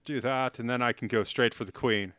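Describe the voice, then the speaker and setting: A man's voice: medium pitch, a little fast, fairly bright tone. A man chatting on a live stream while playing chess, rambling and self-mocking and cracking silly jokes. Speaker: livestreamer.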